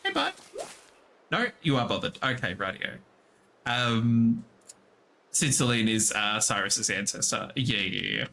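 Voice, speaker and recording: A man's voice: big pitch swings, measured pace, vocal fry, pauses often, bright, forceful tone, a little hiss or hum. A man giving casual, playful commentary while playing a video game, cooing at the creatures he meets. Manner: playful, squeaks high at creatures. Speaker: gaming streamer.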